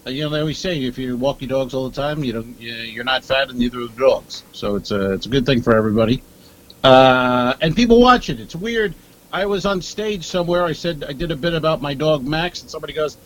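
A man's voice: medium pitch, a little fast, low-quality recording. Dry rambling male comedy podcaster. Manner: dry storyteller, rambling asides. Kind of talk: casual comedic chat. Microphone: earpiece at a desk.

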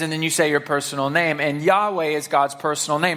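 A pastor from the Saint Louis area of Missouri preaches a sermon to his church conversationally, using fillers and repeated words. His voice is on the high side with fairly even intonation and a sharp tone, and he reads scripture aloud, slowing down for emphasis.

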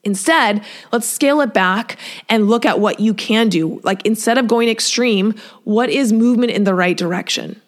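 Chatty woman fitness coach, higher voice. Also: normal speed. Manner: chatty, encouraging, acts out clients' voices. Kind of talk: solo podcast talk.

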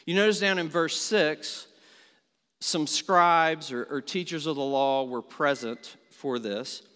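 High-ish lively pastor guy preaching slow and earnest, big echoey church sound. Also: clean tone. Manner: earnest, rising emphasis, rhetorical questions. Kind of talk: sermon. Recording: long reverb of a large hall.

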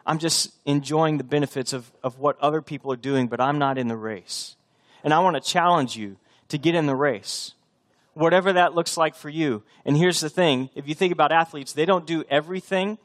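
A pastor from Texas preaches a sermon in an earnest, conversational way, his voice a little high and brisk. He restarts sentences, challenges the congregation directly, and breaks into bursts of coach-like shouting.

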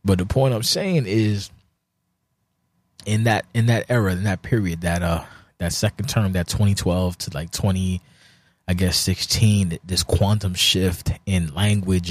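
Low-voiced, profane rambling man. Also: fairly even intonation, measured pace, no room sound. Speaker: podcast host. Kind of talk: casual chat. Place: at home, drinking beer while recording.

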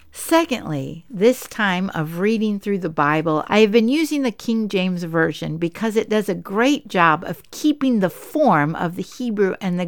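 Woman doing a bible lesson for ladies, earnest, smooth clear voice, dry close sound. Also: mid-range voice, fairly bright tone, no echo. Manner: earnest, lifts her voice for quoted speech. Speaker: Bible study teacher. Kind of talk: Bible lesson reading scripture aloud.

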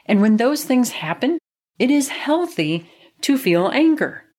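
A woman's voice: fairly high pitch, very animated, a little slow, darkish tone. A woman telling a personal childhood story in an earnest, reflective way, then drawing advice from it, with occasional "you know" fillers. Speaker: speaker giving life advice.

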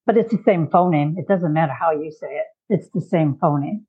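A middle-aged Chicago woman appears as a guest expert, her low, husky voice moving a little fast. She patiently explains ideas through examples in conversation, heard over tinny, phone-like call audio.

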